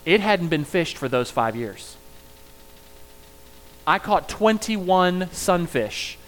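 A man's voice: sits high, very animated, slow, a bit bright, rough recording. A middle-aged man preaching a sermon in a conversational style, telling personal stories and joking with his congregation. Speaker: pastor.

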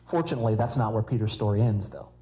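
Mellow-voiced preacher. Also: male voice, lowish voice, animated, quick pace, poor audio. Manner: conversational preaching with humorous asides. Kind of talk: sermon.

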